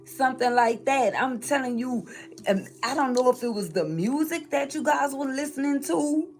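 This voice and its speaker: A woman's voice: high voice, expressive, moderate pace. Chatty woman reading tarot. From New Orleans, Louisiana. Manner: chatty, sing-song, laughs often. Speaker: spiritual reader. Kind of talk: tarot reading live stream.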